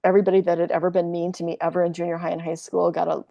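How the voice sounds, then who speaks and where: Rambling, low-voiced woman in her 60s. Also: little pitch movement, racing, gravelly, mellow. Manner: rambling and profane, heavy with "like" and restarts. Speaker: podcast guest. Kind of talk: candid personal storytelling.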